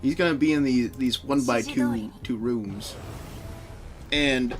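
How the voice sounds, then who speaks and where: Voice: medium pitch, slow pace, music in the background. A game streamer chatting casually on a live stream, rambling and swearing while answering chat, often breaking into laughter. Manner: frequent laughter.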